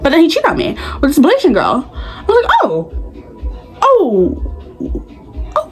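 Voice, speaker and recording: A young woman telling stories from her school days in a casual vlog, full of "like" fillers, acting out her younger self with sudden loud bursts. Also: sits high, huge pitch swings, fast, faint music behind, rough recording. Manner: frequent filler "like". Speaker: vlogger. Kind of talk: casual storytelling.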